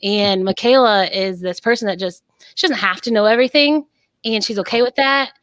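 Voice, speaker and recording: A woman's voice: mid-range voice, fairly quick, fairly bright tone, no echo. A woman guest in a casual interview, talking in a chatty way with lots of "like" and easy laughter. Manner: chatty, frequent "like", laughs easily.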